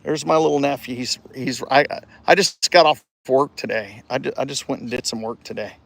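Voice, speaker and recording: A man casually livestreaming from a residential street, cheering a child on and rambling with halting restarts into his phone. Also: mid-range voice, creaky, a bit bright, no echo. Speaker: vlogger livestreaming. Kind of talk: casual live-stream chat.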